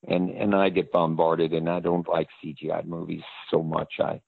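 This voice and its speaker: A man's voice: deep voice, monotone, normal speed, creaky, dry recording. An older man, an actor guest in an interview, telling rambling anecdotes. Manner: rambling storyteller. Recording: tinny phone-line audio.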